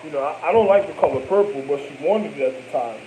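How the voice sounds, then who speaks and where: A young man telling a rambling, animated personal story in profane street slang, full of repetitions and asides. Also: on the high side, fast, a little hiss or hum, rough recording. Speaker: vlogger.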